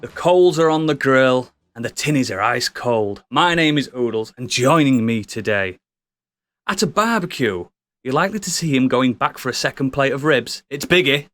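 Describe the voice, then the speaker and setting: A man's voice: mid-range voice, animated, normal speed, fairly bright tone, faint music behind. A man hosting a podcast, giving playful jokey introductions. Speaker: podcast host. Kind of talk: casual chat.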